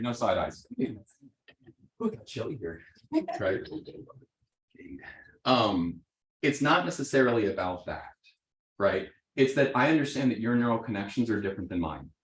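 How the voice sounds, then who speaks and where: A man teaching a live real estate seminar to an audience, animated, often checking in with "right?" and acting out sample conversations. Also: mid-range voice, normal speed, long pauses. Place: training room with audience. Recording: roomy echo.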